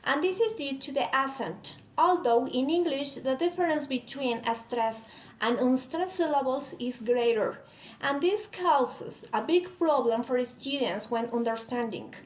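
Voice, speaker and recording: A woman's voice: high-pitched, unhurried. A woman whose first language is Spanish, carefully reading a prepared explanation as a student presenter. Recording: echoey room, faint ambient noise.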